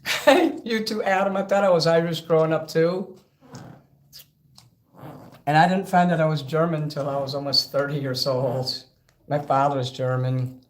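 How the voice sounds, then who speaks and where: A man's voice: fairly high pitch, steady tone, normal speed, long pauses. A man hosting a karaoke livestream, chatting casually between songs, rambling and thanking viewers by name. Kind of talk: casual live-stream chat between songs.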